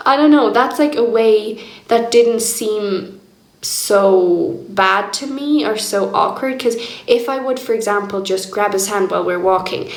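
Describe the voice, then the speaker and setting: Slow-talking young woman, echoey room. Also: medium pitch. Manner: slow, candid and reflective, laughing often. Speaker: vlogger. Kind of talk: personal diary vlog.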